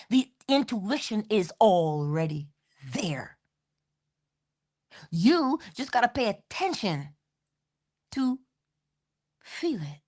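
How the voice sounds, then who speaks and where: Middle-aged woman inspirational speaker, animated and expressive, likes rhythmic repeated phrases. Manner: animated, swoops high in pitch, laughs often. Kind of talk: spiritual motivational talk.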